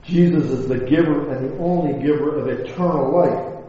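Lay preacher, man, folksy and rambling, mellow tone, echoey hall with faint hiss. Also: a little high, moderate pace, lo-fi sound. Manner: folksy, rambling, asks rhetorical questions. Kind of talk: informal Bible talk.

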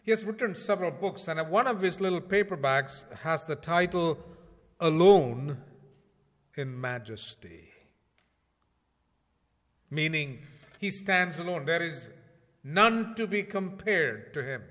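A man preaching a sermon in a conversational way, asking rhetorical questions and swinging between loud emphasis and quiet asides. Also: sits high, expressive, normal speed. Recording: long hall reverb.

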